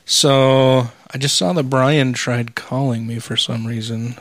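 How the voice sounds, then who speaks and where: A man's voice: medium pitch, fairly even intonation, a little slow, fairly bright tone, dry recording, studio quality. A man co-hosting a casual podcast chat, wry and sarcastic. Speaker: podcast co-host.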